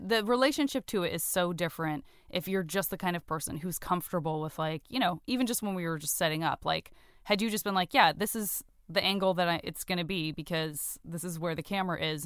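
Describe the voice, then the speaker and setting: Woman, podcast host, casual chat, rambling, giggly, smooth lowish voice, dry sound. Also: a little fast, no room sound.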